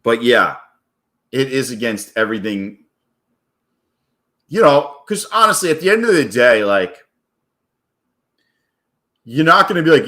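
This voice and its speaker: A man live-streaming his day trading, chatting casually and excitably, with plenty of swearing and hype. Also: medium pitch, unhurried, pauses often. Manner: excitable, profane, hypes up his wins; rambling and casual.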